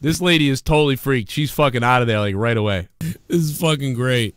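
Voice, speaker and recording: A man hosting a live stream show in casual, profane chat, breaking into loud mock screams when excited. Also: medium pitch, a little fast, smooth, no echo. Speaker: livestream show host.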